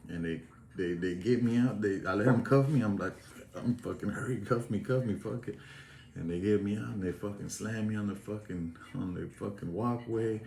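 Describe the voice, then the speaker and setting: A man's voice: fairly low pitch, darkish tone. A man telling a rambling prison story in casual, profane street slang. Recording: echoey room with faint noise.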